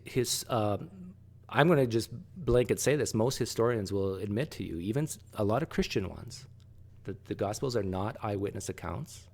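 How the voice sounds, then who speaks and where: A man hosting a casual discussion, animated and halting, often restarting sentences. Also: mid-range voice. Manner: animated, rises sharply when pressing a point; halting, frequent restarts and fillers. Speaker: host.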